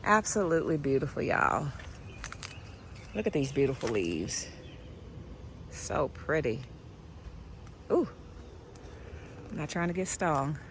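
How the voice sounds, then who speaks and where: A chatty American vlogger films outdoors in her yard by a tree, talking casually to camera, calling her viewers y'all and often dropping to a soft hush. Her voice is low-pitched and sing-song, slow with long pauses, and the rough recording carries slight background noise.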